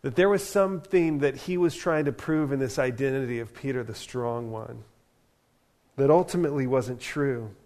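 A man's voice: mid-range voice, normal speed. Conversational man preaching a sermon. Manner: conversational, animated preaching with frequent "like" and "right?". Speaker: pastor.

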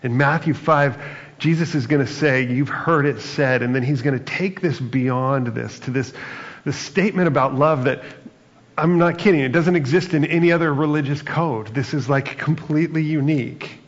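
Gravelly guy preaching, chatty and thoughtful, muffled audio with long echo. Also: fairly high pitch, normal speed. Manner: conversational, reflective preaching with fillers like "right?" and "like". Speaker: pastor. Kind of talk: sermon. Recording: dull, lo-fi sound with long reverb.

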